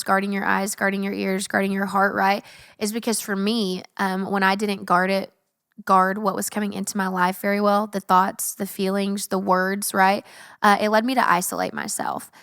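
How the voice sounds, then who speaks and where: A woman's voice: medium pitch, clean tone, no room sound, clean studio sound. A young woman hosting a faith-based podcast, talking earnestly and casually with lots of fillers and acted-out inner thoughts. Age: young adult. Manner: earnest, animated, filler-heavy, acts out her own thoughts in quotes. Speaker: podcast host.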